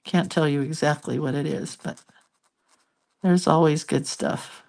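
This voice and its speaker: A chatty, giggly older woman with a slightly low voice, talking easily to her viewers while she draws. She tells little family stories and drifts into asides. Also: steady tone, a little slow, gravelly, a little mellow. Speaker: hand-lettering artist hosting a live stream. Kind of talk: casual live-stream chat while drawing.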